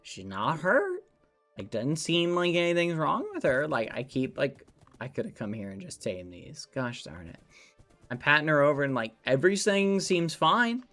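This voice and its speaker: Soft background music accompanies a very animated man whose voice is slightly high and fairly bright, moving at a moderate pace. He's streaming gameplay from his room, chatting loosely with viewers and wandering through a story packed with fillers.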